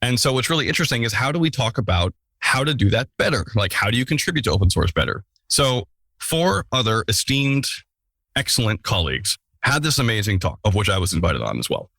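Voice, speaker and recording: Podcast host, male, mid-pitch, joking asides, dry close mic. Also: big pitch swings, fairly quick, sharp tone, dry recording. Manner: playful, self-mocking asides. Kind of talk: casual podcast intro.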